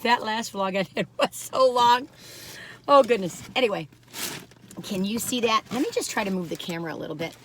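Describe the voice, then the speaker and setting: A woman's voice: medium pitch, a little fast, a little hiss or hum. A woman reviewing pastries in a casual food vlog, recorded on her phone in a parked car, gushing and laughing often. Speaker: food vlogger.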